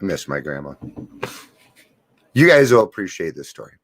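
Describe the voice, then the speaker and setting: A man's voice: low voice, sing-song, normal speed. A middle-aged man talking to camera in an earnest, confiding way, sharing a daily recovery reflection and stories. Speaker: recovery vlogger.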